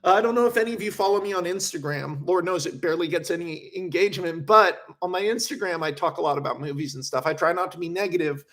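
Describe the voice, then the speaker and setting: Fast and with few pauses, a young man with a high voice chats on his livestream. He reads questions from viewers and goes off on animated, swear-heavy tangents.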